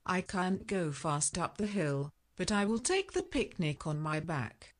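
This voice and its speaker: A woman voicing a slow, calm, good-natured male tortoise in a children's storybook. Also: fairly low pitch.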